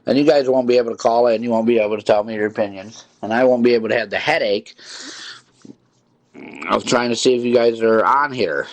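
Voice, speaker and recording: A man's voice: mid-range voice, fairly even intonation, a little fast, dry recording. A male call-in radio host scolding prank callers in an irritated, repetitive way. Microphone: studio mic with headphones.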